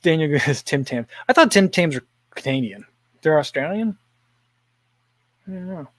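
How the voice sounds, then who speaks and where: A man's voice: a little high, expressive, normal speed, no echo. A man hosting a casual livestream, rambling, chuckling often and reading viewer comments aloud. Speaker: livestream host.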